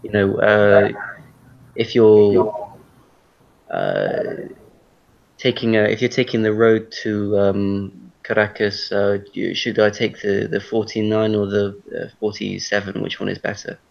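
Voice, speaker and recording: A man's voice: fairly low pitch, a little slow, gravelly. A man teaching an online English class, explaining casually with spoken examples over a video call. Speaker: English tutor. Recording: dull lo-fi video call audio.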